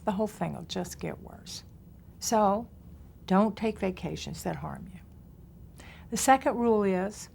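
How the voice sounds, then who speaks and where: A woman therapist with a lowish, slightly mellow voice and some vocal fry teaches a coping skills lesson, coaching her listeners directly and acting out quoted self-talk. A faint hiss or hum sits under the recording.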